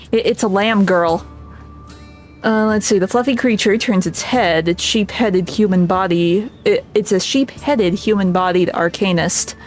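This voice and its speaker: A woman's voice: medium pitch, measured pace, faint music behind. A woman streamer reading a game's story aloud, breaking off for chatty asides. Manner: narrating, with chatty asides and laughs.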